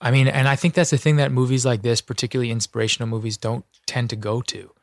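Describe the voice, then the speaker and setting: A man who is an actor, talking as a podcast guest in an earnest, expressive way, his voice jumping up when excited. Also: medium pitch, fast, dry recording, clean studio sound. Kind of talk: casual interview chat.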